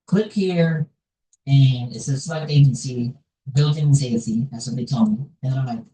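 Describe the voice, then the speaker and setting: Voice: mid-range voice, unhurried, warm tone. A vlogger talking casually while walking through a website on screen, rambling and tossing in "like" and "right?" a lot. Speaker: real estate investor vlogger. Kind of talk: casual screen walkthrough vlog. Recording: echoey room, voice far from mic.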